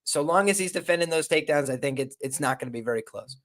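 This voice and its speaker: Man, higher voice, upbeat, confident, casual fight analysis. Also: lively intonation, fast talker, fairly bright tone, slight background noise. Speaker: podcast guest analyst.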